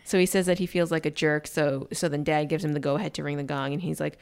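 Young woman, low smooth voice, casual movie-recap co-host, animated quoting. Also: quick pace, hardly any pauses. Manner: chatty, acts out characters' lines with rising pitch.

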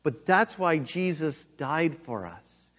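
A middle-aged pastor delivers a sermon with a fairly high voice and an unhurried, deliberate pace. He moves between loud, urgent emphasis and hushed, intense moments. His voice rings out with a long reverb, as in a church sanctuary. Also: big pitch swings.

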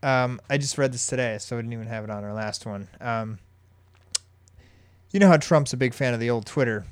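A man hosting a podcast who tells a story in a rambling casual way, with many pauses and restarts. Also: medium pitch, smooth, no room sound. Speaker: podcast host.

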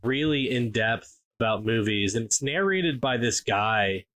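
A man's voice: mid-range voice, lively intonation, a little slow, a bit bright. A man co-hosting a podcast in casual chat, rambling with lots of fillers and restarts. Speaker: podcast co-host.

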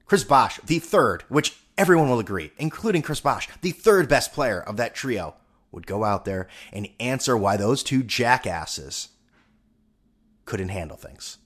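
Lively sarcastic male podcast host. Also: mid-range voice, unhurried. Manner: sarcastic, rambling, profane. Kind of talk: casual monologue.

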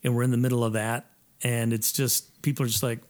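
A man's voice: mid-range voice, brisk. A middle-aged man, an improv comedy performer, telling stories in a casual chat and acting out what others said with laughs between lines. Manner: animated storyteller who acts out what people said and laughs between lines. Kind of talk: casual podcast chat, storytelling.

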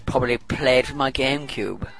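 A man's voice: mid-range voice, moderate pace, creaky, a bit bright. A man co-hosting a podcast in casual chat, telling stories playfully and laughing often. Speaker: podcast co-host.

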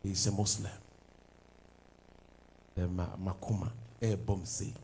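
A man preaching a sermon as pastor, swinging from loud declarations to low asides. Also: little pitch movement, unhurried, slight background noise, poor audio.

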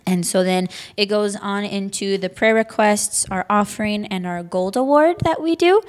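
A woman's voice: medium pitch, normal speed. A young woman teaching a girls' Sunday school class, chatting casually on a podcast in a rambling way, with plenty of fillers.

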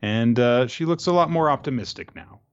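A man co-hosting a casual chat about comics, relaxed and speculative. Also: medium pitch, moderate pace, clean tone, dull audio. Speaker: podcast co-host. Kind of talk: casual manga discussion.

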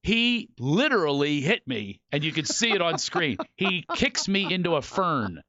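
A man from Philadelphia, a comedian guest, telling comic stories in a casual chat with animated, self-mocking energy. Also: fairly high pitch, measured pace, muffled recording, a crowd in the background.

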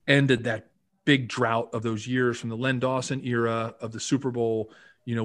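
In a dry, close recording, a chatty man in his fifties from the Philadelphia area spins long stories from his football days. He talks in a loose, rambling way and leans on "you know" again and again, at an ordinary pitch. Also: dry recording. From Philadelphia area, USA. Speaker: guest, former pro football player. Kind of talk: casual storytelling interview.

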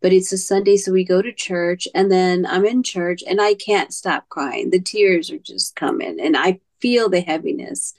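A woman as a podcast guest, telling a personal story in a halting way, repeating words and sometimes dropping to a near-whisper. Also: lowish voice.

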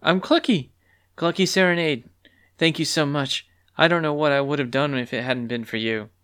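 A man voicing a timid, excitable young female hen student, high and eager. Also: brisk, clean tone, close to an everyday voice. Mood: flustered.

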